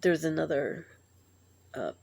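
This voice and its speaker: A woman telling a tearful personal story in a halting, emotional way, sighing and breaking off as she grieves. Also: low-pitched, gravelly, darkish tone, breathy edge. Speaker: vlogger.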